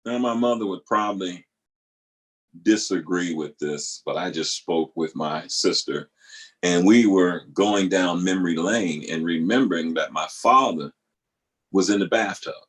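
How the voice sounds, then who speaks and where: A middle-aged man telling a family story in a casual monologue. His voice sits at an ordinary pitch, and his delivery stays loose and conversational. When he quotes people he jumps into high squealing voices. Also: a little slow, a bit bright, poor audio. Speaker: vlogger.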